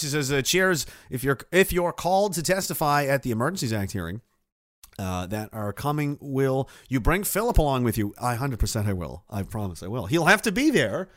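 A man's voice: fairly high pitch, fairly bright tone, dry recording, studio quality. A man streaming casual rambling commentary, sardonic and laughing often as he trails off.

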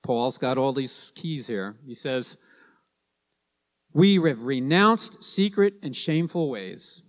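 A man's voice: mid-range voice, expressive, slow, long reverb tail. A man preaching a sermon to his congregation, stressing points and repeating key lines.

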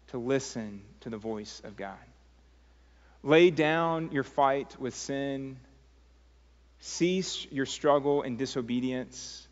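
A man preaching to his congregation in an earnest, pleading way, with stray fillers when he tells a story. His voice sits at an ordinary pitch and rings out with a long reverb in the church sanctuary. The recording sounds a little muffled. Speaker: pastor. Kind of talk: sermon.

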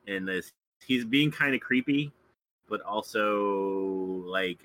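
Low-voiced man chuckling through a retelling. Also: slow, a bit bright, low-quality recording. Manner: chuckles often while recounting scenes. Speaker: podcast guest. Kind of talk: casual chat, retelling a film plot.

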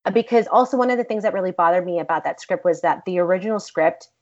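A woman and actress, the guest in an interview, telling a story in a blunt, profane, animated way. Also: fairly low pitch, fast talker. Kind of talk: casual storytelling. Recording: dull lo-fi recording.

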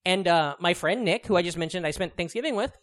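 A man in his thirties co-hosts a podcast, his high, expressive voice moving at a quick clip with a slightly bright tone. He chats casually and rambles, swearing, leaning on fillers, and laughing often.

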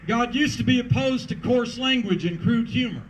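A man's voice: very high voice, moderate pace, noisy background. A man preaching a sermon as pastor at an outdoor parking lot service, emphatic and rhythmic with repeated refrains.

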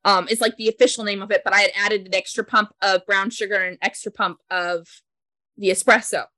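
A woman co-hosting a casual chat, retelling a story in a chatty way with laughter and halting restarts. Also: medium pitch, steady tone, pushed and bright, dry recording. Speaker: podcast co-host.

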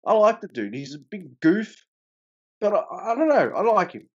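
A man chatting casually on a podcast, animated and profane, his voice leaping upward whenever he gets emphatic. The recording is dull and lo-fi. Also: normal speed, breathy edge. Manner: animated, swearing, pitch jumps up when emphatic. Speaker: podcast co-host reviewing wrestling.

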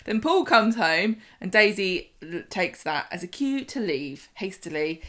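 A woman's voice: medium pitch, big pitch swings, unhurried, a bit bright. A woman co-hosting a casual podcast, chatty and giggly as she retells a soap episode. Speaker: podcast co-host. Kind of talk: casual soap recap chat.

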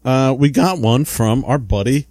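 A man's voice: mid-range voice, lively intonation, measured pace, darkish tone, dry recording. A man with a New Jersey accent co-hosting a podcast in casual, joking chat, rambling with plenty of fillers. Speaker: podcast co-host.

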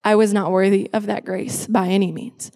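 A woman's voice: mid-range voice, flat delivery, normal speed, a little mellow. Woman pastor in an echoing hall. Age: 20s. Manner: emphatic, repeats phrases for effect. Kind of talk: personal testimony sermon. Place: church stage. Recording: echoey hall with long reverb.

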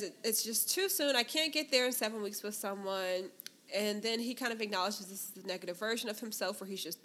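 A woman co-hosting a chatty podcast, recapping reality-show scenes in a relaxed storytelling way. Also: mid-range voice. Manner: relaxed storytelling recap, acting out quoted lines. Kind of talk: casual chat.

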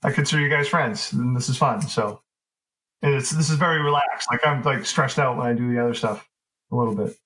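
Guy rambling in an interview, lots of um and you know, mid pitch. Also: brisk, rough recording. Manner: relaxed, rambling, many fillers and restarts. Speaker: author guest. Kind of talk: casual interview conversation.

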